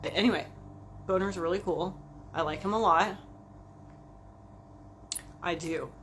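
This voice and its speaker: Female vlogger, lower register, loose and profane, treats the audience as friends. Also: a little slow, slight background noise. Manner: rambling, profane and chatty; talks to viewers as friends. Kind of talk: casual livestream chat.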